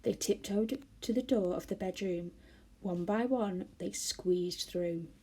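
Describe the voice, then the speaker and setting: A woman reading a children's novel aloud to schoolchildren, expressive and animated. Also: mid-range voice, slow, husky. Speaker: storyteller for schoolchildren.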